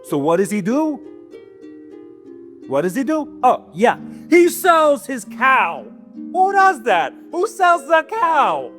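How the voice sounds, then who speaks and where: A man's voice: very high-pitched, huge pitch swings, takes it slowly, a bit bright, pitched above the performer's own voice, full character voice. A man playing a resentful male giant grumbles through his side of a storybook tale in a raised, squeezed-up voice, full of street-tough grammar and indignant questions. A little guitar plucks faintly behind him. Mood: indignant grumbling.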